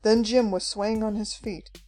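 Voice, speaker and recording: Mellow-voiced woman reading an adventure story. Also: mid-range voice, steady tone, unhurried. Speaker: audiobook narrator. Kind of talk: scripted narration. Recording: faint background music.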